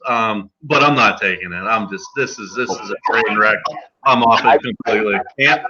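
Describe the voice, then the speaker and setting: A man's voice: fairly low pitch, normal speed, heavy background noise. A man hosting a casual sports betting podcast, reading off odds and picks with many fillers and restarts. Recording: dull lo-fi podcast audio.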